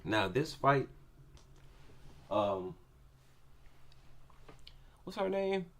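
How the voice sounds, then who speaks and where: A man casually breaking down fights in an unhurried, drawn-out delivery. His pitch swings up and down a lot as he gives his opinions. He repeats his main points to drive them home. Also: sing-song. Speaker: MMA commentator.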